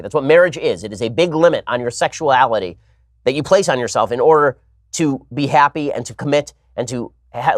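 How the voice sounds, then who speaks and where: A man hosting a political talk show, delivering a rapid opinionated monologue full of sarcastic, mocking asides. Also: mid-range voice, no echo, studio quality.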